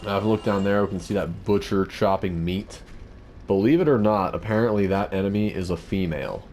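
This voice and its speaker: Male let's-play host, low voice, loose off-topic patter, faint background noise. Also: brisk, darkish tone. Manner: rambling, off-topic, swears casually. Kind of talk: casual gameplay commentary.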